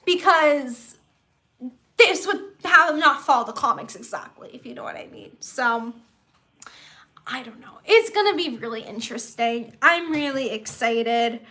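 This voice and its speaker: A woman's voice: high voice, animated, a little slow, sharp tone. A woman hosting a live stream from home, chatting casually and rambling, with lots of fillers and restarts. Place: at home with pet kittens.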